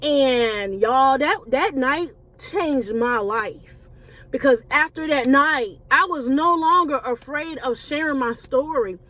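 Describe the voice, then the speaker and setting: Woman, high voice, faith life coach, casual storytelling to camera, talks to viewers as y'all. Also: slow pace, fairly bright tone. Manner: conversational, addresses viewers as y'all. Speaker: Christian life coach and author.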